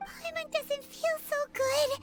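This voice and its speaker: A woman voicing a tiny, nervous, chatty female fairy companion in a video game, with a high childlike voice that refers to herself in the third person. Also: steady tone, measured pace. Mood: panicked. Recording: game audio with loud music under it.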